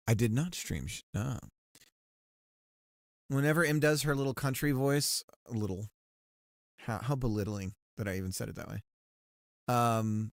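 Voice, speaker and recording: A man's voice: mid-range voice, no room sound, clean studio sound. A man chatting casually on a livestream while working on a game, rambling and laughing often, with many restarts. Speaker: streamer.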